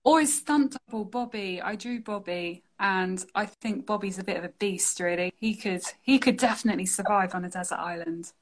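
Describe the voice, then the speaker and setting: A young British woman, chatty and quick to laugh, talking casually on a phone livestream. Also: medium pitch. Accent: British English. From United Kingdom. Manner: chatty, laughs often, animated. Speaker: guest artist. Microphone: phone on a live video call.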